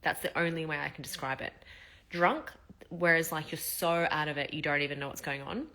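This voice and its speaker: A woman's voice: low voice, fairly even intonation, a little fast, bright, forceful tone. A woman in her thirties, telling a candid, emotional personal story in a casual vlog while recovering after surgery. She talks loosely, with many fillers and the odd swear word. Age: 30s. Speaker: vlogger.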